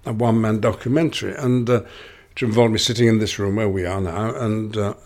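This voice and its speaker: Low-voiced older Lancashire man musing. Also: fairly even intonation, darkish tone. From Lancashire, England. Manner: musing, halting, many restarts. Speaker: guest. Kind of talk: reflective interview answers.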